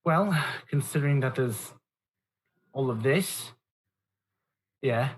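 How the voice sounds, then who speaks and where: A player speaking in character in a tabletop game, measured and cautious. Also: mid-range voice, lively intonation, slightly rough, low-quality recording. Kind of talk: in-character tabletop role-play.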